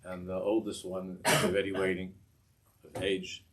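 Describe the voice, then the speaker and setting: Man doing a desperate poor laborer father, deep voice, pleading. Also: completely flat delivery, a bit bright, slight background noise. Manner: pleading, hurried confession.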